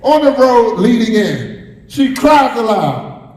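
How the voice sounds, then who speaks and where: A man's voice: very high voice, sing-song, takes it slowly, darkish tone. A man preaching a sermon as pastor, repeating phrases and drawing responses from the congregation. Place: church sanctuary. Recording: echoey hall, roomy reverb.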